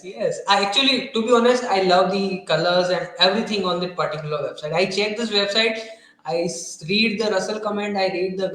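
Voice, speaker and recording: A man's voice: sits high, a bit bright. A man hosting a casual interview, thanking his guest, with hesitant fillers. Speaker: interview host. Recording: very echoey room.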